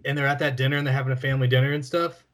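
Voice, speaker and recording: Mid-pitched man gushing about movies. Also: steady tone, racing, a bit bright. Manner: enthusiastic, casual, says "dude" and "bro". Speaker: podcast co-host. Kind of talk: casual film chat.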